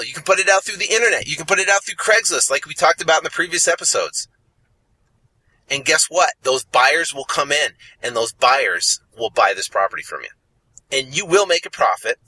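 A man's voice: a little high, pushed and bright, husky, dry recording, rough recording. A man hosting a motivational podcast, talking emphatically and repeating phrases for effect. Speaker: podcast host.

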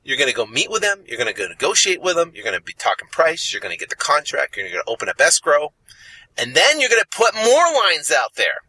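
Podcast host, male, lively and insistent, bright husky voice, dry close mic. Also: fairly high pitch, fast, no echo, rough recording. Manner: animated and emphatic, repeating phrases for effect. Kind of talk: motivational podcast monologue.

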